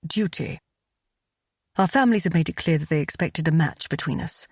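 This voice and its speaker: A brooding earl with a past he cannot shake, voiced by a woman reading a romance audiobook. The voice sits low and husky, close and dry, and the delivery stays measured and regretful. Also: expressive, darkish tone, no room sound. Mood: somber. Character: brooding aristocratic earl, burdened by guilt.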